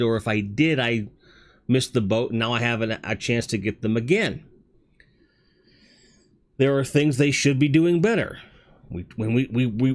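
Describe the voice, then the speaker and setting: A man hosting a livestream talk show, speaking candidly in a rambling way and swearing casually. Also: mid-range voice. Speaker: host.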